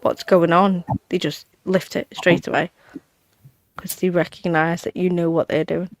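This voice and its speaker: A woman's voice: lowish voice, flat delivery, moderate pace, no echo. A woman, chatting bluntly and casually on a talk panel and laughing often. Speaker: panel guest. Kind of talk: casual chat.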